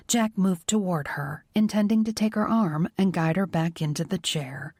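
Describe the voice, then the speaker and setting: Audiobook narrator, woman, low-set voice, soft measured read, dry booth. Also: dry recording. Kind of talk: scripted narration.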